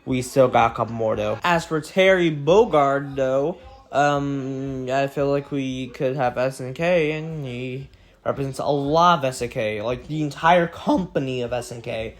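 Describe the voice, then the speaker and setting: Teenage guy, casual video commentary, swears a lot, excitable, mid-range voice. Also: medium pitch. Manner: profane, excitable, talks fast with sudden outbursts. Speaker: gaming video creator.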